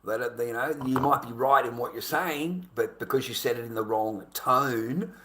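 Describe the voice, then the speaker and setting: A man's voice: mid-range voice, normal speed, fairly bright tone. An Australian man in his fifties in a rambling, aggrieved monologue to camera, swearing and repeating himself. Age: 50s. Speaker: vlogger.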